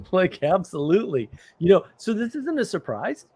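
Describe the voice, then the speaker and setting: Middle-aged man, livestream host, casual rambling chat, fairly high voice, animated storytelling. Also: normal speed, husky.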